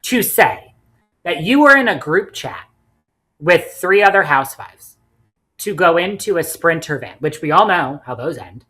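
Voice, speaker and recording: On a laid-back podcast recapping reality TV, a female co-host with a low voice shares blunt, lively takes at an unhurried pace. She curses without holding back and works through her thoughts with many restarts.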